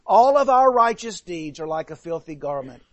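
Earnest high-voiced male preacher. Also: very animated, moderate pace, dry recording, muffled recording. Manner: earnest, repeats words when restarting. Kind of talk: sermon.

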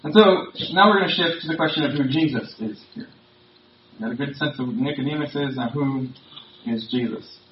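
A man's voice: mid-range voice, normal speed, a little hiss or hum. A man preaching a sermon as pastor, speaking in a conversational, emphatic way. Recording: roomy, distant, dull sound.

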